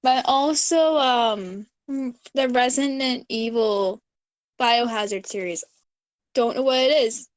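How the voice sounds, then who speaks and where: A woman's voice: a little high, takes it slowly, no room sound. A woman co-hosting a casual chat who talks in a chatty, agreeable way and laughs along often. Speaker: co-host.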